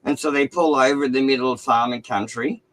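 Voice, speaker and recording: Man, mid-pitched, profane rambling joke-teller on a casual stream. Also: fairly even intonation, quick pace, a bit bright, low-quality recording. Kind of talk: casual chat, crude joke telling.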